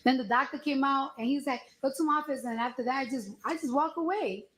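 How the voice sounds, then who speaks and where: A woman testifying as a witness at trial, telling her story in an animated, emphatic way. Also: sits high, brisk. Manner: animated storytelling, voice rises when she recounts the argument. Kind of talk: courtroom testimony. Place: courtroom. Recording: echoey courtroom audio.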